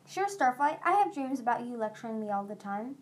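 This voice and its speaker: Lady putting on a happy-go-lucky young boy dragon, chatty and high, storybook read. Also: very animated, fairly quick. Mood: cheerful. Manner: cheerful, easygoing, chatty. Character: eager cheerful young male dragon. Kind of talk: storybook reading.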